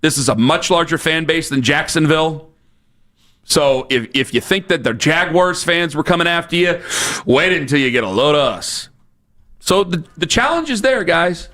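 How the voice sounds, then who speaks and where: A man's voice: fairly high pitch, animated, moderate pace, pushed and bright. A man hosting sports talk radio, ranting in a fired-up, repetitive, challenging way on a studio microphone.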